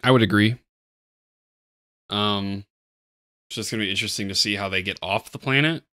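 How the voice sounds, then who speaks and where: A sleepy man co-hosting a casual chat about a TV episode, speaking in a laid-back, halting way. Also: fairly low pitch, pushed and bright, no echo, clean studio sound. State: sleepy, yawning. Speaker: podcast co-host.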